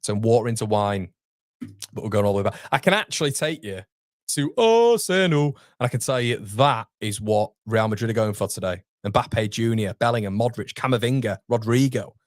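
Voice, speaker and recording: Yorkshire guy in his 30s chatting through a live footy stream, lowish voice, dry close mic. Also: fairly quick, no echo. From England. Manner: chatty, reads out chat messages, calls everyone mate. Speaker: fan channel host. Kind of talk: casual live watchalong chat.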